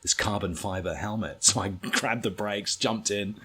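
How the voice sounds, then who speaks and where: Man, low register, casual guest, animated bawdy storyteller with comic timing. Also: normal speed, breathy edge. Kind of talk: casual anecdote telling.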